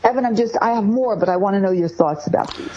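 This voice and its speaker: A woman's voice: medium pitch, quick pace, dark tone, highs cut off, slight background noise. A woman hosting a talk show, giving parenting advice and acting out the phrases parents say to their kids. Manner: acts out parents' phrases in a raised voice. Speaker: host.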